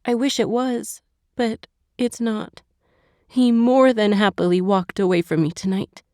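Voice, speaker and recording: Audiobook: tearful, self-blaming young woman, shaky and soft, voiced by a woman; dry close sound. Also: fairly high pitch, fairly even intonation, no room sound, close to an everyday voice. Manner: shaky, halting, soft-spoken. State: crying. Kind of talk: audiobook narration.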